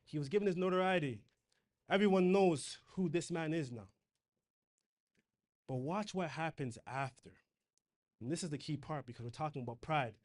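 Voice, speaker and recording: A man's voice: a little high, normal speed, pauses often, darkish tone. A man preaching a sermon in a conversational way, reading scripture aloud and retelling it in casual slang.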